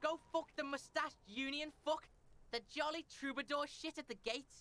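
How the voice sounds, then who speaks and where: A swaggering little brat of a boy from a game, all curses and third-person bragging. The voice sits high and cuts sharply through. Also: steady tone, moderate pace, sharp tone. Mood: brash. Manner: talks about himself in third person, swears constantly. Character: foul-mouthed scrappy young boy, boastful. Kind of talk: reading video game dialogue aloud.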